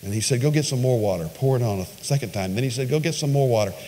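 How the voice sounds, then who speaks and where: A man's voice: lively intonation, fast talker, mellow, a little hiss or hum. Man preaching in a reverberant hall. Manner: dramatic storytelling, quoting with voices, pitch swings. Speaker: pastor. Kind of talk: sermon. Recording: long reverb of a large hall.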